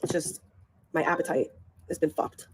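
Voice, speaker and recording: A woman's voice: sits low, fairly even intonation, a little mellow, slight background noise. A mother chatting on a livestream, defensive and insistent about her daily routine. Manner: defensive, insistent, talks fast. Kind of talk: casual livestream chat.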